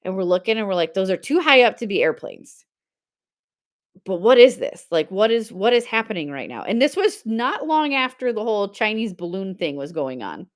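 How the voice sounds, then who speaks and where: A woman's voice: mid-range voice, sing-song, moderate pace. A woman in her forties hosting a live-stream sale, chatting casually, telling stories with frequent laughter and reading out viewer comments.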